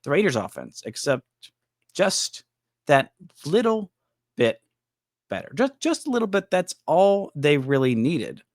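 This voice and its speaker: A man's voice: fairly high pitch, big pitch swings, a little slow, no echo, clean studio sound. A man hosting a solo sports podcast, venting in an exasperated, emphatic way. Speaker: podcast host. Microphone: studio microphone.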